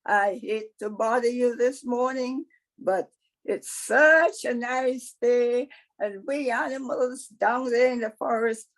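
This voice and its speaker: A woman voicing a flattering, talkative male rabbit in a folktale, coaxing and slow. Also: fairly high pitch, voice pushed up, low-quality recording. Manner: sweet-talking, coaxing.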